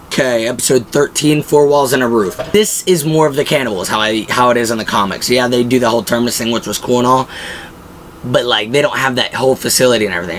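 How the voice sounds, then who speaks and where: A young man in the middle of his pitch range gushes about a show in relaxed, unscripted chat. He wanders through his points with plenty of filler words, and a faint hiss sits under the recording. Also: poor audio. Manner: rambling, filler-heavy and enthusiastic. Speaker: pop-culture show host. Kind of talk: casual fan commentary.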